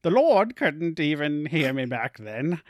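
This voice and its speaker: A man voicing a teasing, pious old Amish grandmother in a loud, raised voice with drawn-out words. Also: fairly high pitch, very animated, dry recording, studio quality.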